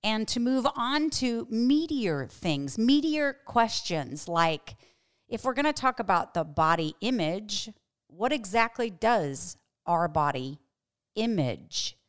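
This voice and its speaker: A woman's voice: mid-range voice, big pitch swings, smooth. Earnest woman teaching the Bible. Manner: earnest, emphatic, slows down to stress key words. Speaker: Bible teacher and podcast host.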